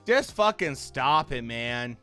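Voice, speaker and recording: A young man streaming a live reaction, angry and profane, shouting bursts that trail off into mutters. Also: medium pitch, very animated, slow, soft background music. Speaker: streamer reacting to a boxing fight.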